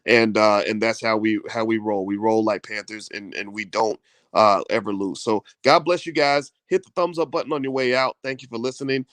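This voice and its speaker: A man's voice: fairly low pitch, moderate pace, fairly bright tone, no room sound. Fervent man talking straight into a dry mic. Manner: fervent, repeats himself, many fillers. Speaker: host. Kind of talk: casual video talk.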